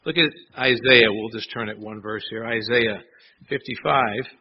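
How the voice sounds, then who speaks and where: A man's voice: on the low side, normal speed, muffled recording, slight background noise. A man preaching a sermon in a conversational way, often asking his listeners rhetorical questions. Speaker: pastor.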